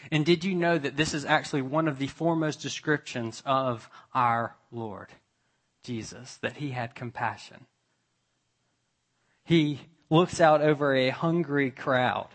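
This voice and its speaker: A man preaching a sermon to his church, slow and deliberate, building to emphatic, raised passages and dropping to quiet ones. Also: medium pitch. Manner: slow, with long pauses, rising to emphatic peaks. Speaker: pastor.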